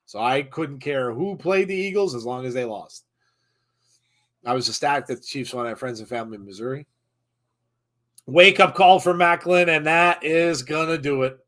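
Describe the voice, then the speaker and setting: A man hosting a live wrestling watch-along, chatting casually, laughing often and breaking into excited shouts. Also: fairly high pitch, normal speed. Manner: chatty, laughs often, reads viewer comments. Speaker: host.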